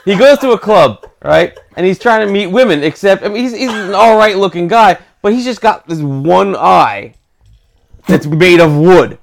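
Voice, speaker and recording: A man telling a dirty joke to friends, dropping to a low mumble for the quoted lines. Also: animated, moderate pace, creaky.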